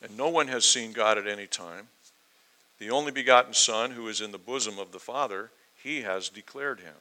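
Male preacher, bright forceful tone, earnest and emphatic verse-by-verse sermon delivery. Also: on the low side, normal speed, rough recording. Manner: earnest, emphatic, with rising intensity and quoted questions.

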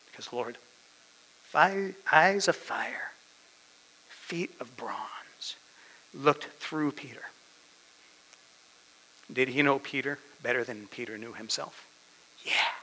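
Dramatic gravelly male preacher. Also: mid-range voice, takes it slowly, long pauses, poor audio. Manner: dramatic, swings from loud to whispered. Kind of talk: sermon.

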